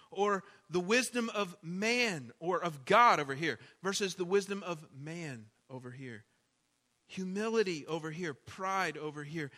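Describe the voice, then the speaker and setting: A man preaching a sermon with emphatic delivery, asking rhetorical questions and swinging between loud and quiet. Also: high voice. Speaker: pastor.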